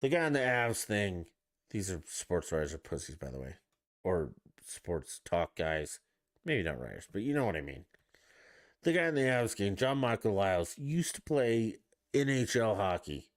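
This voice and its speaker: A man's voice: lowish voice, big pitch swings, moderate pace. A man hosting a solo podcast, ranting about sports in an exasperated, profane way. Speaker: podcast host.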